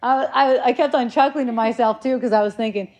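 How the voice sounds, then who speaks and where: A woman in her forties tells a casual, animated story, laughing often and restarting her sentences as she goes. Her voice sits a little high. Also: brisk. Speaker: parent sharing a story.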